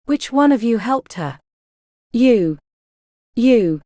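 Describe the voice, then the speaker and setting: A woman's voice: fairly high pitch, lively intonation, takes it slowly, warm tone, no room sound, studio quality. A woman reading the part of an arrogant male hospital doctor who speaks with contempt and threats. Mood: contemptuous.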